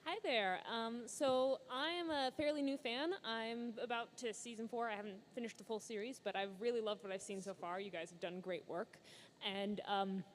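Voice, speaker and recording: A woman's voice: on the high side, steady tone, moderate pace. A woman fan asking the panel an earnest, hesitant question at a convention. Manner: earnest, hesitant, many fillers. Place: convention hall. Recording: long hall reverb, faint background noise.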